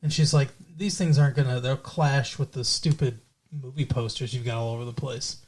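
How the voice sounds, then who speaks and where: A podcast co-host in casual recap chat, acting out characters in quick quoted voices, swearing and laughing often. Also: medium pitch, steady tone, a little mellow, breathy edge.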